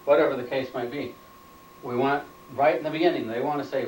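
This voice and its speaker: A man's voice: mid-range voice, fairly even intonation, brisk, recorded from a distance, a little hiss or hum. Man lecturing from across a roomy space. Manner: plain, repeats key points as questions. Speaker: instructor. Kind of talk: training lecture. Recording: roomy, off-mic room sound.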